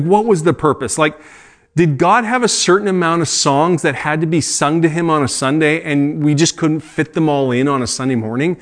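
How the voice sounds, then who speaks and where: A middle-aged man preaching a sermon as a pastor, earnest and conversational, with asides and self-corrections. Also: a little high.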